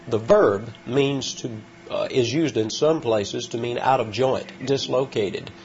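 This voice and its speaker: A man giving an expository Bible lesson, explaining word meanings in a measured way with frequent pauses and fillers. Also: medium pitch, a little mellow. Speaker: Bible teacher. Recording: slightly dull lo-fi recording with faint ambience.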